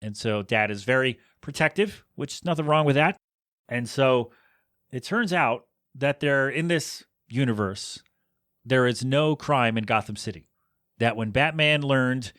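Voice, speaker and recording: Animated man reviewing a cartoon, dry sound. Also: mid-range voice, dry recording. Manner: animated, rhetorical questions, exasperated asides. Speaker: podcast host. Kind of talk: casual movie review.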